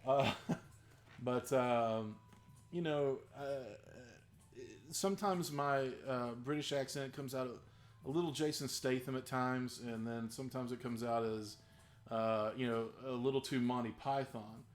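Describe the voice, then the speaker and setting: Answering viewer questions on a casual live stream, a game master who runs tabletop games talks in a mid-range voice at a slightly slow pace. He rambles enthusiastically and laughs often.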